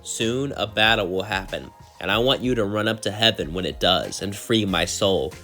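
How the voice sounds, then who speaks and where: A man voicing a scheming demon father who speaks low, measured and coaxing. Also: bright, forceful tone, faint music behind.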